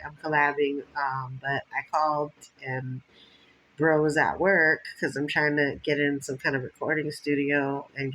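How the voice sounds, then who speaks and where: A woman's voice: sits low, a bit bright, poor audio. A woman from Los Angeles County chatting casually in a rambling vlog, laughing often and acting out what others said. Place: lying down at home.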